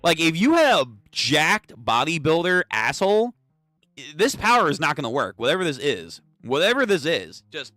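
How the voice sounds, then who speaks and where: A young man hosting a casual comic read-through, excitable and swearing freely. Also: on the high side, moderate pace, no echo, faint music behind. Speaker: channel host.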